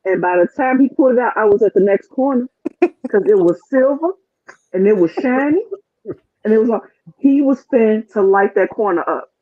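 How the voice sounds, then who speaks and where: Casual rambling storyteller, animated, phone-line sound, mid pitch. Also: moderate pace. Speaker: storyteller on a chat show.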